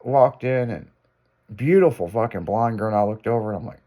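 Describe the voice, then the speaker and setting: A man's voice: on the low side, brisk, dark tone. A man hosting a radio show, spinning a raunchy tale in loose, profane chat. He curses constantly and breaks into laughter as he talks. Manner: profane, laughing through his story. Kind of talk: crude casual storytelling. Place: radio studio.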